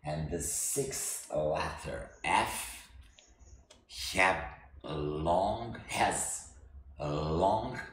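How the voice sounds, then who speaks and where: Male teacher, very slow and halting, echoey room. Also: very deep voice. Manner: slow, halting, with many restarts. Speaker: language teacher. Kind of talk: language lesson.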